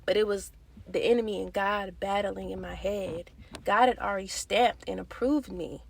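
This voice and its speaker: A young woman vlogger telling a personal faith testimony in a candid, animated, slangy way. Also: medium pitch, moderate pace, creaky. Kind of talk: casual testimony.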